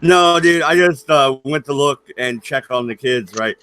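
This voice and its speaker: A man's voice: mid-range voice, measured pace, sharp tone, smooth, no echo. A man hosting a casual stream, joking and laughing often while he chats with his co-hosts. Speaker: stream host. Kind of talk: casual banter chat.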